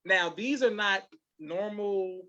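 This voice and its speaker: A man's voice: sits high, slow, pushed and bright. A man hosting a podcast, asking guests questions in a slangy, hyped-up way. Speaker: podcast host. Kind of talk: casual podcast interview. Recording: dull lo-fi sound.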